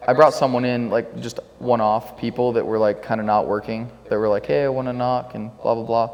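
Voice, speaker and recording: A man's voice: mid-range voice, level tone, a little fast, big-room sound, highs cut off. A young man telling a story in casual podcast chat, full of fillers like "like", rambling. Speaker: podcast co-host, solar sales rep.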